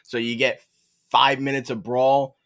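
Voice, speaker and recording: A man's voice: mid-range voice, level tone, unhurried, a bit bright, slight background noise. A man in casual chat, bluntly mocking an aging wrestler. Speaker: wrestling podcast co-host.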